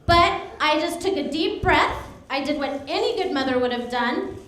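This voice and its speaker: A woman's voice: high-pitched, expressive, moderate pace, a bit bright, slight background noise. A woman in her thirties performing a stand-up comedy set, bubbly and laughing at her own jokes as she acts out voices. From United States. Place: comedy club stage. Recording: echoey club room.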